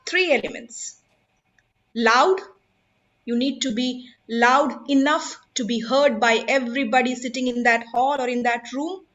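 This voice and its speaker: A woman's voice: high-pitched, fairly even intonation, unhurried, a bit bright, lo-fi sound. A woman, teaching public speaking in an emphatic, instructive way and putting questions to her audience. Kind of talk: online workshop talk.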